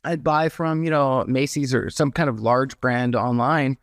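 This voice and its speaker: Male podcast guest, mid-pitched, conversational and rambling, dry close sound. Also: steady tone, a little slow, no room sound. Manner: conversational, many restarts and hedges. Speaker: podcast guest, merch business owner.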